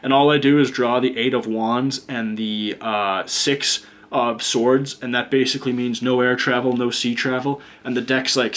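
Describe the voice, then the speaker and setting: A man's voice: mid-range voice, fairly even intonation, moderate pace, fairly bright tone. A man giving a casual pick-a-card tarot reading, blunt and chatty, swearing freely and drifting into rants. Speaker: tarot reader and teacher.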